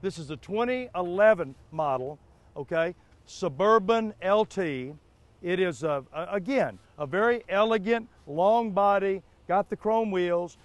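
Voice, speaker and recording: Outdoors on a car lot, a man hosts a TV spot for a car dealership, delivering a live sales pitch that pushes deals repetitively and keeps checking in with "all right?" and "okay?". His voice is high-pitched with lively intonation and a slightly slow pace, and there's no room sound.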